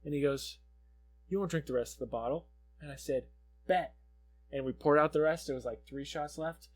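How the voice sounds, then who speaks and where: A man's voice: fairly high pitch, moderate pace. A young man co-hosting a podcast, telling a rambling, profanity-laced story in casual chat. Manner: rambling storyteller, swears a lot. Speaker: podcast co-host.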